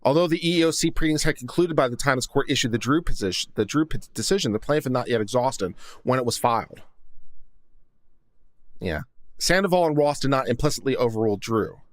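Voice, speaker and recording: A man's voice: mid-range voice, lively intonation, fast, no echo. A man hosting a legal commentary show, reading a court opinion aloud and breaking in with thoughtful asides of his own. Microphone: studio condenser mic.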